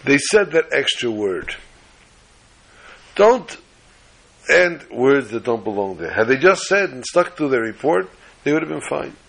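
Gravelly-voiced man preaching emphatically. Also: medium pitch, big pitch swings, a little slow, pauses often, a bit bright, poor audio. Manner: emphatic, lecturing. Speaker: religious teacher. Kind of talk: sermon-style scripture lesson.

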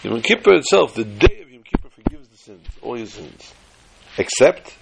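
A man teaching an informal Torah class, telling jokes and stories with lively jumps in pitch for emphasis. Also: moderate pace, creaky. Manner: animated storyteller who jumps to high pitch for emphasis.

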